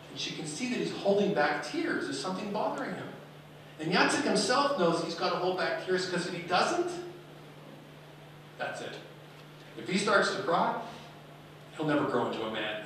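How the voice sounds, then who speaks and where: A man telling a story in a dramatic, animated way, his pitch rising and falling a lot. He sounds far from the mic in a large, echoing hall, with faint room noise behind him. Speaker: speaker. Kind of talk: storytelling talk.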